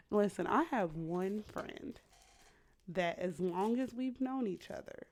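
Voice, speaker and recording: A woman's voice: medium pitch, slow, darkish tone. A woman co-hosting a podcast in casual chat, laughing often and teasing her co-host.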